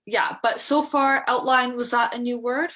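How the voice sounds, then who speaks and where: A woman's voice: fairly high pitch, fairly even intonation, normal speed, a bit bright. A young Canadian woman with a Canadian accent, tutoring English in a friendly, chatty, encouraging way. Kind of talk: one-on-one online lesson.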